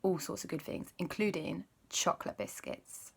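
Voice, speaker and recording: A woman's voice: deep voice, very animated, normal speed, gravelly, hardly any pauses, slightly rough. A young woman hosting a show and telling a children's story, playful and chatty, with asides to her young listeners.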